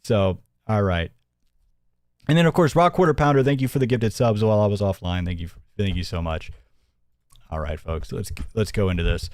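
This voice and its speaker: A man's voice: lowish voice, normal speed, darkish tone, no echo, clean studio sound. A man hosting a livestream, rambling and mocking as he comments and thanks viewers, often chuckling. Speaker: host.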